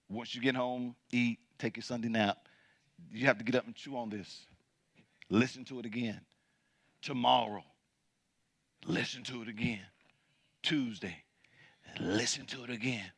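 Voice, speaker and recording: Bright-voiced, emphatic male preacher. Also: dry recording. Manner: emphatic preaching, reading scripture aloud and calling out to the congregation; builds from low and quiet to loud and high. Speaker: pastor. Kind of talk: sermon.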